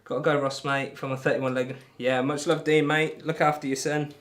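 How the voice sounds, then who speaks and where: A man's voice: a little high, flat delivery, normal speed, a bit bright. A man chatting casually on a live stream, reading out viewer comments and bantering between darts throws in a rambling, friendly way. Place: home room while throwing darts.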